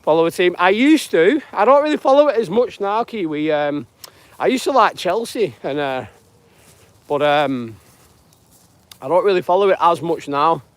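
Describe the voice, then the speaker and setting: A man's voice: high voice, expressive, normal speed, no room sound. A man from northwest England with a northern English accent, chatting casually and rambling as he hosts a live stream on a dog walk outdoors. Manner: rambling and chatty, greets viewers by name. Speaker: live-streaming channel host.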